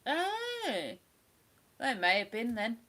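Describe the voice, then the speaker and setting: A chatty English woman hosting a casual livestream, her voice sitting a little high for a woman. She rambles between topics and drops into soft baby talk when she turns to her dog. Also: huge pitch swings, takes it slowly. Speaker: livestream host.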